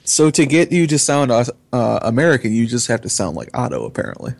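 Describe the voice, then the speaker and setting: A man's voice: medium pitch, big pitch swings, brisk, gravelly. A man co-hosting a podcast, chatting in a laid-back, wry way. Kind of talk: casual podcast chat.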